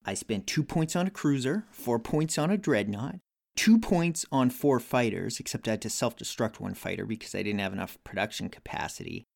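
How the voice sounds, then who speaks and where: A man's voice: medium pitch, animated, normal speed, creaky, darkish tone. A man recording a board game confessional, explaining his moves step by step. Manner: explanatory, methodical.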